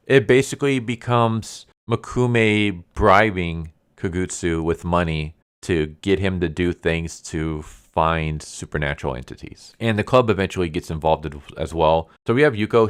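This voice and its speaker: A man with a low, smooth voice talks through a manga's story in a chatty, amused way. He is recorded dry and close. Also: fairly bright tone, no echo. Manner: chatty, amused, with many fillers. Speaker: manga reviewer. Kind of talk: casual story recap.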